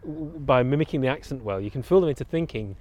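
A middle-aged man with a Bolton accent talks in a casual interview. His voice sits at an ordinary pitch, and he often restarts and corrects himself as he thinks aloud. The tone is relaxed and conversational. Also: quick pace. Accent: Bolton, northern English. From Bolton, England. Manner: thoughtful, with frequent restarts and self-corrections. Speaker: interview guest.

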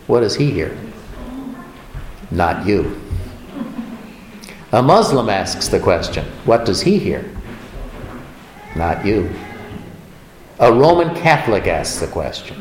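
Male preacher, mid-pitched, slow emphatic sermon delivery with questions to the audience, recorded in an echoey church. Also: very animated, slight background noise. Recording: roomy echo.

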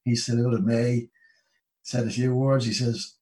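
An Irish man in his fifties, a guest telling a lively story in a casual way and acting out the people he quotes. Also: mid-range voice, unhurried, distant mic, rough recording. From Ireland. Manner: lively anecdote-telling, acts out the people he quotes, many "you know"s.

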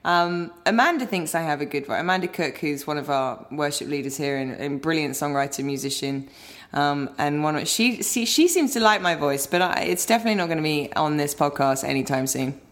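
A woman's voice: low-pitched, expressive, a little fast. A woman with an English accent, chatting as a podcast guest, laughing often and wandering into asides. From Britain. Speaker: interview guest. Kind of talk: casual podcast interview.

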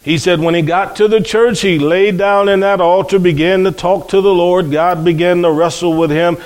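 Male preacher, high voice, storytelling sermon with acted-out quotes. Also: fairly even intonation, normal speed.

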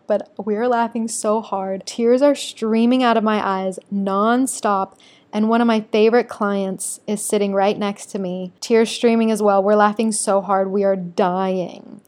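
A woman who coaches energy work and teaches yoga talks openly about her own experiences. She swears freely and talks with emotion. Her voice sits at a middle pitch. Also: steady tone, a little slow, darkish tone. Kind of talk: candid personal storytelling.

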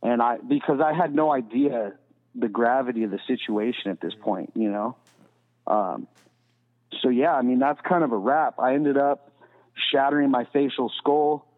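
A man's voice: medium pitch, normal speed. A man telling a story in a casual, profane, rambling way as a podcast guest, full of "you know". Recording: tinny phone-like sound with long reverb.

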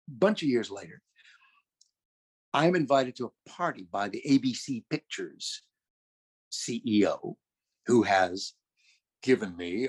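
A man's voice: fairly low pitch, slightly rough. An older man from California telling a long, rambling story in a chatty, self-correcting way. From California, USA. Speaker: storyteller recounting his career. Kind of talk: anecdotal storytelling.

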